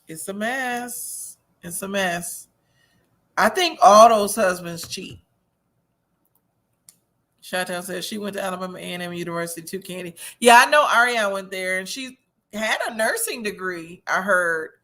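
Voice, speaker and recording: A woman's voice: medium pitch, normal speed, a bit bright. A woman hosting a casual livestream, chatting and gossiping as she reads viewer comments, a little tipsy and laughing often. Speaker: host of a reality-TV review livestream.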